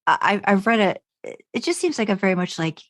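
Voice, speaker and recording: A woman's voice: medium pitch, very animated, fast, fairly bright tone, no room sound, studio quality. A woman co-hosting a podcast in casual chat, thinking aloud with everyday examples. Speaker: podcast co-host.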